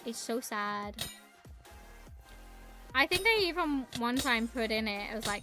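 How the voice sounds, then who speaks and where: A woman's voice: on the high side, animated, measured pace, long pauses, music in the background. A young woman streaming a game, chatting in a rambling, casual way and greeting her viewers. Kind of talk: casual live-stream chat while gaming.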